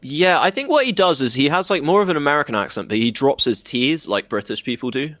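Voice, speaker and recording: A man's voice: fairly high pitch, expressive, quick pace, fairly bright tone. A man co-hosting a podcast in casual comedic chat, swearing freely and slipping into mock voices. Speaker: podcast co-host.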